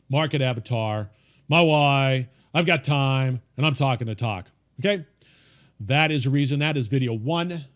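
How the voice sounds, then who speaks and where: Teaching an informal podcasting course, a medium-pitched man coaches in a folksy, emphatic way. He often repeats himself and restarts his sentences.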